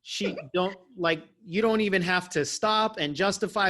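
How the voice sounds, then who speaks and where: A man in the host seat of a coaching show, telling a personal story in a casual, self-mocking way. His voice sits a bit high for a man, and he laughs often as he talks. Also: moderate pace, pushed and bright.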